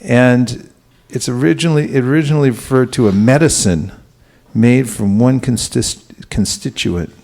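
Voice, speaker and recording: Male spiritual teacher, easygoing sermon style, warm dark tone with a gravelly edge, quizzes the room. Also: medium pitch, normal speed. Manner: relaxed, asks the audience questions, chuckles. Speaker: spiritual teacher giving a class. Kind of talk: conversational sermon.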